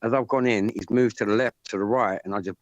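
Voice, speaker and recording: A man hosting a live stream and telling a story in a rambling, profane, animated way. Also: on the low side, quick pace, no room sound, poor audio. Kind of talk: casual chat.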